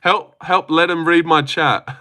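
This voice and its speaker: Young guy livestreaming, bright forceful voice, rambly, reads chat and ribs viewers. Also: on the high side, fairly even intonation, slow pace. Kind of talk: casual live-stream chat.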